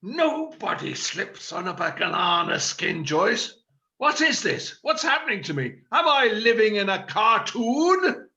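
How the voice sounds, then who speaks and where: A man's voice: high-pitched, very animated, slow pace, pushed and bright, dull audio, heavily acted. A man reading the part of a fussy, exasperated male panto director in an amateur play reading over a video call. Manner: pompous, theatrical outbursts.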